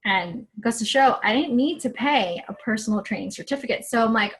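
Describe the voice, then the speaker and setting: A woman's voice: medium pitch, a little fast, few pauses, fairly bright tone. A young woman telling her personal story as an online fitness coach, chatty and earnest, acting out what she said back then. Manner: chatty and earnest, acts out her own quotes. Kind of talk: personal story on a live video.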